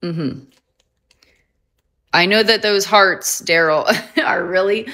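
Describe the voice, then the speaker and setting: A woman talks casually on her livestream. Her voice sits in a middle pitch and has a bright edge. She is chatty and upbeat, and laughs often between thoughts. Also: slow pace, long pauses. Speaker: livestream host.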